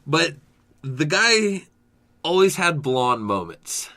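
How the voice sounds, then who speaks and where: A young man co-hosting a casual podcast, spinning funny stories from an old job. He has a bright, forceful voice pitched a bit high, and he acts out the quotes with plenty of laughter. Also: big pitch swings, slow pace. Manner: laughs through his storytelling, acts out quotes. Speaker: podcast co-host. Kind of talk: casual chat.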